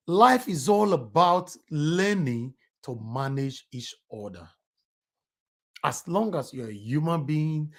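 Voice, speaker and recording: A man's voice: medium pitch, slightly rough. A Nigerian man hosts a live online talk show, his voice rising and falling as he teases his callers. He slides easily between Pidgin and English. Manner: animated, switches between Pidgin and English, teasing. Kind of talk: live stream chat with callers.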